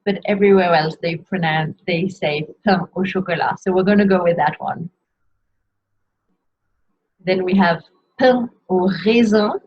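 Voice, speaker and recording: A woman teaching how to pronounce pastry names in a slow, careful lesson, saying each word and repeating it. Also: fairly low pitch, slight background noise. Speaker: French teacher. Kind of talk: pronunciation lesson. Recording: dull lo-fi sound.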